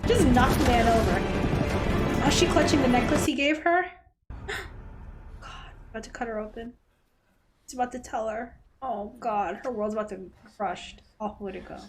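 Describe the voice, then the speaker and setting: A woman's voice: a little high, normal speed, pauses often, over music. A woman hosting a reaction video, talking bluntly to the screen with frequent exclamations and swearing. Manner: blunt, swears freely, talks straight to the screen; emotional, exclaims and gasps often. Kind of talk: casual reaction commentary.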